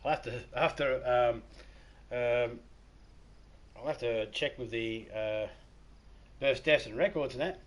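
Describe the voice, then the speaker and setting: A man's voice: mid-range voice, measured pace, long pauses. An Australian man streaming a game, chatting casually and joking with viewers while reading chat aloud.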